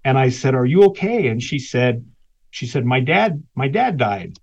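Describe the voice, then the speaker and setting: A man's voice: mid-range voice, very animated, moderate pace, darkish tone, dull audio. A man, a guest author, animatedly telling a personal story in conversation, laughing between lines.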